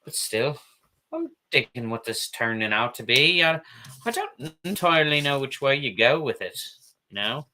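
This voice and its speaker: Lively bright-voiced man chatting. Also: mid-range voice, normal speed. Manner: rambling self-commentary with swearing. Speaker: art show host. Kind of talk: casual chat while coloring.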